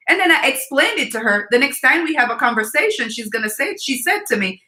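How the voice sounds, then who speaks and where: Candid, filler-heavy woman host of a nutrition live stream, clear bright tone, echoey room. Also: fairly quick, few pauses. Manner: chatty, candid, many fillers like "you know" and "like", reads out viewer comments; animated when quoting her niece, jumping high in pitch. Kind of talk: casual live-stream chat with viewers.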